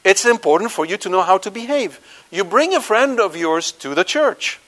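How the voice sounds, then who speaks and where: A high-pitched Catholic preacher speaks at normal speed before a live congregation. He is animated, questioning his listeners and swinging from loud emphasis to quiet asides.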